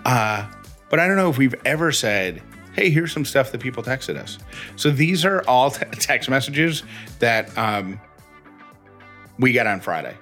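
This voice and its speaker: A man's voice: mid-range voice, sing-song, unhurried, fairly bright tone, soft background music. A man co-hosting a podcast, chatting casually and reading listener texts with rambling self-corrections. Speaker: podcast co-host.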